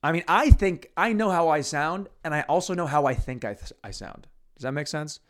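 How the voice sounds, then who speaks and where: A man's voice: a little high, animated, a little fast. Man, podcast host, casual monologue, crude, rambling, mumbly, restarts. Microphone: podcast microphone.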